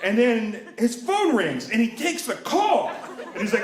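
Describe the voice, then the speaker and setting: A man's voice: extremely high pitch, very animated, unhurried, reverberant, a crowd in the background. A man in his thirties telling a personal story live, wry and self-mocking, acting out the voices of the people in it. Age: 30s.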